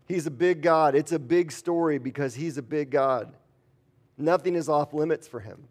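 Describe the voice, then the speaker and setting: A man's voice: a little high, a little mellow. A man preaching an earnest sermon as pastor, telling stories and acting out quotes. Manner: earnest, storytelling with acted quotes.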